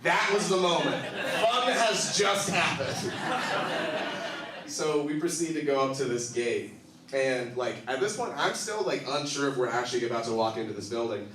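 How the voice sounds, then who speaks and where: Man, stand-up comedian, animated storytelling, very echoey club, faint room noise. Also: medium pitch, normal speed, far from the mic. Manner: animated, breaks into laughter, acts out quotes.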